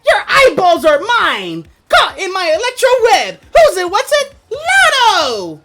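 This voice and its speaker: A man voicing a hyper, bubbly girl streamer who leads a gym, in a strained high falsetto with sing-song hype over faint music. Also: wildly swooping pitch, unhurried, sharp tone, full character voice. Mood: hyped. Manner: shrill, sing-song hype, playful taunts. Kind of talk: reading game dialogue aloud.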